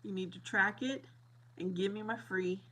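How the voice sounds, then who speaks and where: A middle-aged woman chatting casually with viewers, animated and laughing often as she acts out both sides of a story. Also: mid-range voice, moderate pace, low-quality recording.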